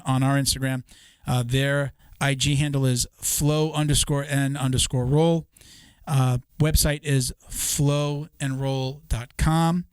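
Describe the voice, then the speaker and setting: Relaxed man hosting a podcast, smooth voice. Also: medium pitch, dry recording, clean studio sound. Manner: easygoing, reads sponsor copy with fillers. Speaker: podcast host. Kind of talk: casual podcast chat and sponsor reads.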